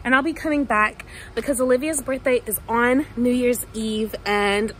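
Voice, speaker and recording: High-voiced, gushing young woman vlogger. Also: normal speed, a little hiss or hum, rough recording. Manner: gushing, excitable, chatty. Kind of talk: casual vlog talk to camera. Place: parked car.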